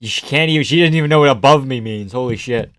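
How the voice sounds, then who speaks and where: A man's voice: mid-range voice, quick pace, a bit bright. A man live-streaming casual commentary while watching fights, blunt, sarcastic and swearing freely.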